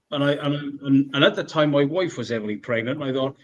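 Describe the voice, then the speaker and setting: A British man telling animated, sweary stories in casual chat over a video call, acting out the people he quotes. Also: a little high, fairly quick, few pauses.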